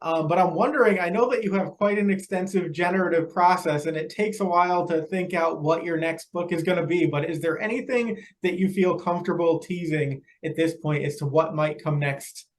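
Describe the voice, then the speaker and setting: A man's voice: on the high side, brisk, few pauses. A man hosting an interview podcast, upbeat and affirming as he wraps up with questions. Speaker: podcast host. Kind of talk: casual interview talk.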